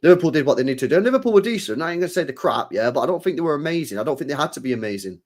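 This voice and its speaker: A man's voice: on the high side, rapid-fire. Slangy young man streaming. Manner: slangy, repeats phrases, animated, tags lines with mate and bro. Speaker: football channel host. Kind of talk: casual livestream chat reading super chats.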